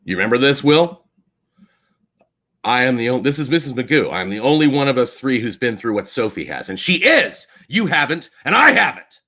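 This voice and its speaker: An angry man on a livestream, swearing and swinging between low mutters and shouts. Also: sing-song, brisk. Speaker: streamer. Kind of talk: heated livestream rant.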